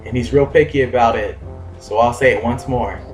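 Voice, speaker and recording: A man's voice: medium pitch, moderate pace, echoey room, faint music behind, lightly acted. A man voicing a young pirate sailor who mocks his forgetful brother impatiently. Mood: mocking. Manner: mocking, impatient.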